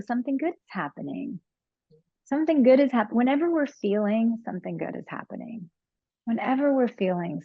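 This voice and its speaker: A woman's voice: medium pitch, vocal fry, no echo, dull audio. A woman guest on a podcast talking about postpartum and motherhood in an earnest, reflective way, repeating key phrases for emphasis. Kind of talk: reflective conversational advice.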